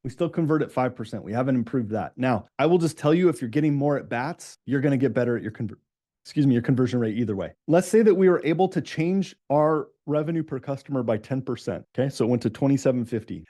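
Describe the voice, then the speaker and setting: Fast-talking male business coach, mellow voice. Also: mid-range voice, animated. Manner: fast-talking, asks the audience questions. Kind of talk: live online coaching session.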